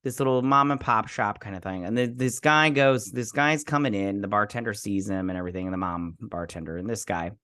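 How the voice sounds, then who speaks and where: A man's voice: on the low side, a little fast, hardly any pauses, pushed and bright, smooth. A man hosting his own channel, giving a casual, rambling review and recap of a TV episode with frequent asides.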